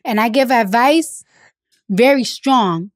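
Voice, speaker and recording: A woman's voice: a little high, slow pace, dry recording, studio quality. A woman, speaking frankly in an interview, cursing freely and filling her talk with "like.". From the Bronx, New York. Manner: blunt, frank, swears freely, many fillers. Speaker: interview guest. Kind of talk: candid conversational interview.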